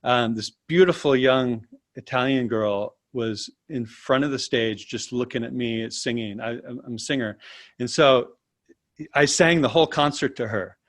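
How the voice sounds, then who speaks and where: A man as an interview guest, telling a personal story in a lively, casual way and often tagging his sentences with "right?". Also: mid-range voice, moderate pace. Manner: animated, tags sentences with "right?".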